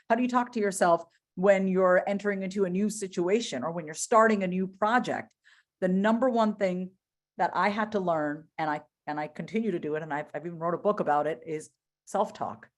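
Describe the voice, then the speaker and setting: A woman presenting a motivational webinar in a voice that sits a little low. She speaks earnestly and directly, firing rhetorical questions at her listeners and repeating key phrases for weight. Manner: direct, asks the audience many rhetorical questions. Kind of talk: motivational talk to an online audience.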